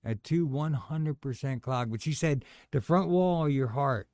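A middle-aged man telling a personal story in casual chat, animated and acting out the voices of others. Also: medium pitch, a little slow, no room sound, clean studio sound. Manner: animated storyteller, acts out quoted voices, says "man" a lot.

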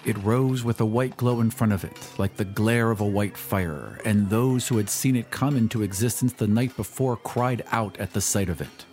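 A man reading a classic story aloud as an audiobook narrator, measured and dramatic. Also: fairly low pitch, a little mellow, faint music behind. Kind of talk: scripted narration.

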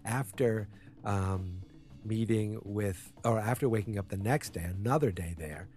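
Lowish-voiced man casually recapping. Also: measured pace, a little mellow, faint music behind. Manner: rambling, many fillers and restarts; acts out character lines with small voice shifts. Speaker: TV episode recapper.

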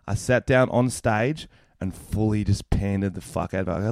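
A man's voice: lowish voice, normal speed, hardly any pauses, darkish tone, no room sound, studio quality. A young Australian man, a stand-up comedian, telling a story in casual podcast chat, swearing a lot and acting out both sides of the exchange.

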